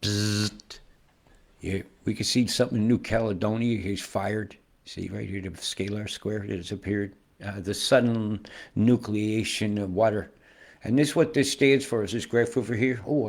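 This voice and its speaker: A man's voice: fairly low pitch, darkish tone. A man with a rambling, conspiratorial and profane manner, pointing out things on a screen as a weather vlogger.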